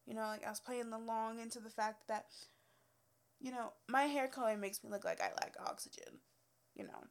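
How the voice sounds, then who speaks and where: A woman's voice: fairly high pitch, big pitch swings, normal speed. Blunt young woman, casual storytelling. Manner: blunt and profane, with many filler words. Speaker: cosmetology student telling work stories.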